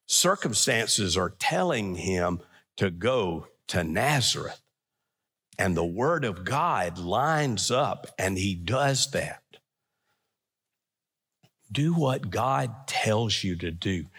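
A man preaching a sermon as pastor in a church, emphatic, swinging between loud stresses and hushed lines. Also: mid-range voice, breathy edge, in a large hall.

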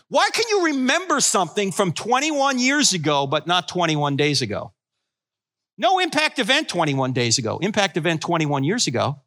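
A man's voice: high voice, very animated, moderate pace, sharp tone. A man in his sixties from New Jersey giving a humorous talk on faith to a live audience, telling stories and acting out quoted voices. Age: 60s. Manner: storytelling, acts out quoted voices, wisecracking. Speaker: Christian apologetics speaker.

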